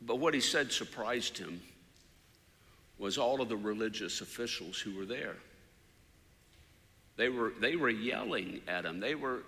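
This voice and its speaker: Male preacher, lively pitch, very bright tone, dramatic storytelling, long hall reverb. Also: unhurried, long pauses. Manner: dramatic retelling, voice rising loud for quoted shouts and dropping soft for prayers. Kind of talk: sermon storytelling.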